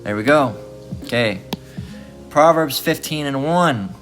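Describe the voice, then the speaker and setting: Music sits in the background as a Bible teacher gives a casual sermon, his medium-pitched voice expressive and slow-paced. He teaches from scripture informally and repetitively, tossing in "okay?" and "all right?" again and again.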